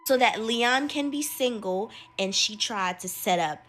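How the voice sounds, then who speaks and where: Woman storyteller, casual, animated, higher voice, laughs a lot. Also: measured pace.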